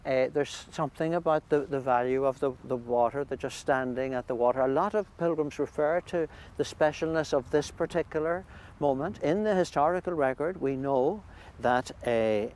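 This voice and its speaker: A man, a priest, describing a pilgrimage in a thoughtful, halting way with many restarts, recorded outdoors by a lake. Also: mid-range voice, a little mellow. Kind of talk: conversational interview. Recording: faint outdoor background noise.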